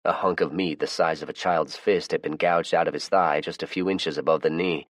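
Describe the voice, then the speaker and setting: Very deep-voiced male audiobook narrator. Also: fairly even intonation, fairly quick, dry recording, studio quality. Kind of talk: first-person audiobook narration.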